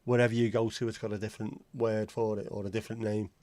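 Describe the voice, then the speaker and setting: A man's voice: fairly low pitch, level tone, quick pace, a little mellow, no echo. Scouse guy rambling on his livestream, jokey and sweary, says hi to chat, dead dry close mic. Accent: Liverpool. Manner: chatty, jokey, greets viewers by name, swears casually. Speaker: livestream host.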